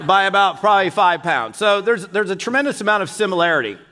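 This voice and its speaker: A middle-aged man giving a motivational keynote, telling folksy stories in an animated way and acting out the people he quotes. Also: high-pitched, quick pace. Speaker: keynote speaker. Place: conference stage.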